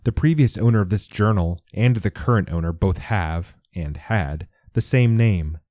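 Male narrator, deep and mellow, measured audiobook delivery, dry close read. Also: dry recording. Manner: measured, even storytelling.

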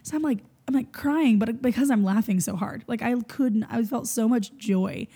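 A young woman, a worship leader, telling a story in a casual chat, animated, laughing and full of fillers. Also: fairly high pitch, normal speed, husky.

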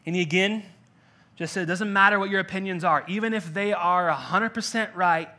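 Casual young pastor guy, bright high-ish voice, lots of "like", laid-back sermon to a church crowd. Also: a little fast. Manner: conversational, jokey, lots of "like" fillers. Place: church in-person gathering.

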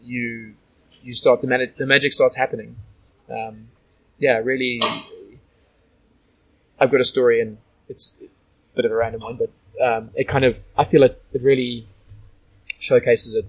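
A man's voice: mid-range voice, level tone, moderate pace, long pauses, slightly rough, low-quality recording. A man from Australia telling stories as a guest in a casual interview, rambling with lots of "like" and "you know".

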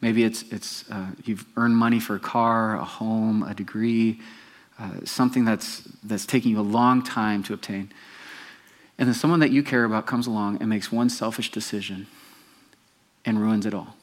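A man's voice: fairly low pitch, steady tone, normal speed. A male pastor giving a conversational sermon, often putting questions to the congregation.

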